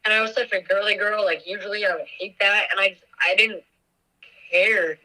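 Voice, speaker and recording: A young woman telling a personal story in an interview, emotional and halting with many fillers. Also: medium pitch, fairly even intonation, sharp tone, recorded from a distance, low-quality recording. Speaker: guest, victim's daughter.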